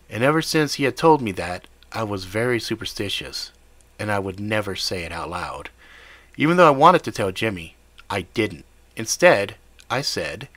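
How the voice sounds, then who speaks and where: A man's voice: on the low side, lively intonation, a little fast, bright, forceful tone, no echo. A man narrating a gritty first-person story in a profane, blunt manner. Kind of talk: scripted fiction narration.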